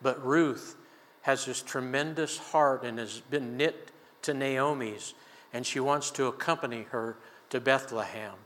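Bright-toned older man preaching in a hall. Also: medium pitch, measured pace. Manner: conversational, folksy storytelling with chuckles. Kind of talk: sermon with personal story. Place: church sanctuary.

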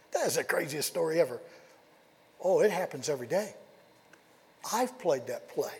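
Male pastor, high husky voice, animated sermon delivery with rhetorical questions; long hall reverb. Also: a little slow. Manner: animated storytelling, rhetorical questions, drops to quiet emphasis.

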